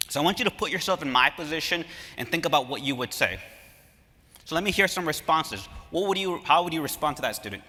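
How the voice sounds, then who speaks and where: A man speaking as an academic at a conference, telling stories in an animated way and engaging the audience from a lecture hall stage. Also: fairly high pitch, fast talker. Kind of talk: conference talk. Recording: reverberant hall.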